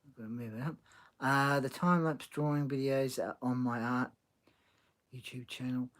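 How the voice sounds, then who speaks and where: A man hosting a casual livestream, talking haltingly with many restarts and reading chat comments aloud. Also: mid-range voice, fairly even intonation, a bit bright.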